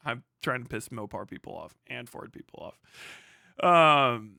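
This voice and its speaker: A man hosting a livestream, ranting casually in a profane, rambling way and mimicking people in quick put-on voices. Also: mid-range voice, creaky, bright, forceful tone, no room sound, clean studio sound. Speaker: livestream host. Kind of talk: casual rant.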